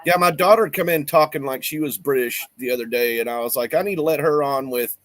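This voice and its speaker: A man guesting on a stream, telling stories in a relaxed, plain-spoken way. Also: fairly high pitch, fast, dry recording. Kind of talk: casual chat.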